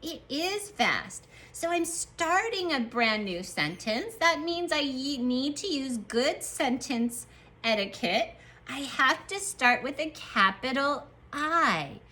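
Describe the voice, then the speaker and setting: Slow, bright-voiced woman teacher. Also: high-pitched, animated. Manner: slow, drawn-out letter sounds; encouraging praise to children. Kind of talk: early-grade writing lesson.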